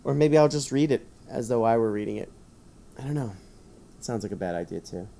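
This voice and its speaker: A man's voice: mid-range voice, lively intonation, a little fast, gravelly, warm tone, a little hiss or hum. A man streaming live, reading a choose-your-own-adventure book aloud with rambling, self-mocking asides.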